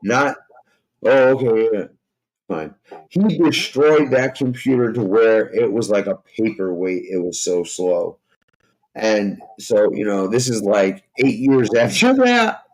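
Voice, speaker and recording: A man's voice: lowish voice, lively intonation, a little slow, darkish tone, rough recording. A man telling a rambling, profane story in casual chat, full of fillers like "you know" and "like".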